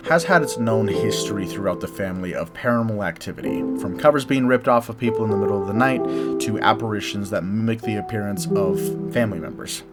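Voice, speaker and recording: A man, the lead investigator, narrating a ghost hunt in an earnest, measured voice-over. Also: fairly low pitch. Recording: voice-over with loud guitar music behind. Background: loud plucked guitar music.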